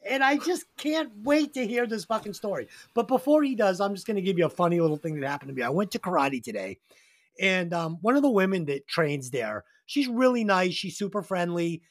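A man hosting a podcast with a high, lively voice that swings up and down as he jokes and swears through his stories. The sound is dry and close to the mic. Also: no echo. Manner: profane, joking, animated storytelling. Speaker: podcast host. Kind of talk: casual podcast chat.

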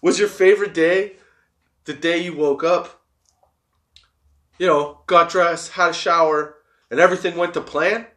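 A man's voice: on the high side, fairly even intonation, measured pace, long pauses, a bit bright. A young man hosting a podcast, talking casually and rambling, swearing a lot and laughing often. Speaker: podcast host. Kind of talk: casual stoner monologue.

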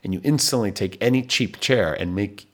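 A man hosting a podcast, coaching listeners through a breathing exercise with insistent energy that drops to soft, near-whispered cues during the holds. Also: fairly low pitch, normal speed. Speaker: podcast host and wellness coach. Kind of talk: guided breathing instruction.

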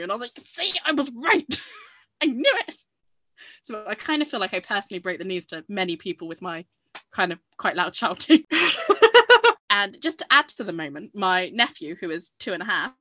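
Bright-voiced woman telling lively stories. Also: on the low side, no echo, muffled recording. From England. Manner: animated storytelling, acting out her own shouts. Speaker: podcast co-host. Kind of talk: casual chat.

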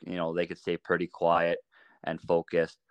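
A man on a podcast as a guest, telling animated anecdotes in a casual way and laughing often. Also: sits low, normal speed, clean tone, no room sound, muffled recording. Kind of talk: casual storytelling.

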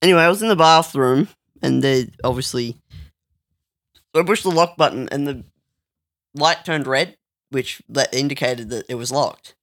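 A man's voice: mid-range voice, moderate pace, long pauses, fairly bright tone. Young man, joking, indignant co-host with an ordinary mid-range voice. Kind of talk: casual storytelling chat.

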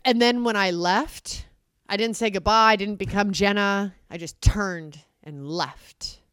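A woman's voice: medium pitch, unhurried, a bit bright, smooth, dry recording, clean studio sound. A woman in casual chat, telling wry, self-mocking stories.

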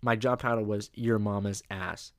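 A man's voice: on the low side, fairly even intonation, normal speed, dry recording, clean studio sound. A young man, telling a story on his podcast in a loose, profane, laid-back way. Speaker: podcast host. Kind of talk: casual storytelling monologue.

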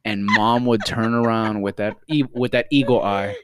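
A young man co-hosting a podcast, telling animated stories in casual chat, swearing and saying "dude" a lot. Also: lowish voice, normal speed. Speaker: podcast co-host.

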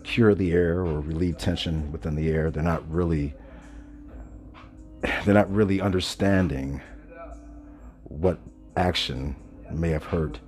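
A man hosting a casual monologue podcast, stoned, talking slowly and loosely with many pauses and self-corrections. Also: low voice, steady tone, a little mellow. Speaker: podcast host. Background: faint background music.

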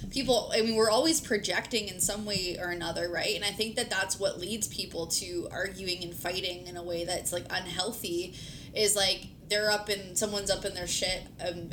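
A woman hosting a podcast, chatting casually with her partner, filling her speech with "like" and swearing now and then. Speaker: podcast host. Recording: noisy recording with low rumble.

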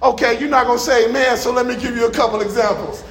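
A middle-aged man preaches in a church with a very high voice that keeps a gravelly edge. He pushes his points into shouted bursts and keeps calling out to the congregation for answers. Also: fairly even intonation, fast. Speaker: pastor. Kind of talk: sermon.

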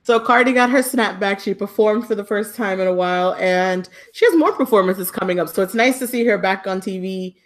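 A woman's voice: medium pitch, brisk, few pauses. A woman co-hosting a podcast, chatting casually in a gossipy, slangy way about celebrity news. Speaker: podcast co-host. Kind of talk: casual chat.

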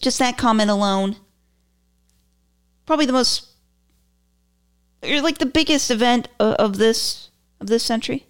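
A woman's voice: fairly high pitch, clear, resonant tone. A woman hosting her own podcast, chatting through political commentary in a rambling, self-mocking way with joking asides. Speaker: podcast host.

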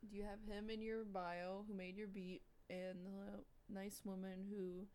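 A woman in casual chat who asks measured, practical questions. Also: mid-range voice, level tone, a little mellow.

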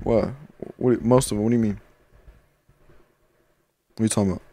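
A man's voice: on the low side, a little fast, slight background noise. A man co-hosting a podcast, talking in loose, profane, joking banter. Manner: loud, joking, profane, animated. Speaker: podcast co-host.

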